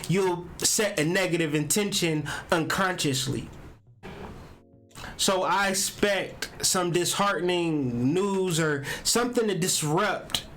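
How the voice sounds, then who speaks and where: A man's voice: a little high, fairly bright tone. A man hosting a spiritual astrology and tarot video, talking casually in a meandering, emphatic way with casual swearing. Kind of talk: casual spiritual talk to camera.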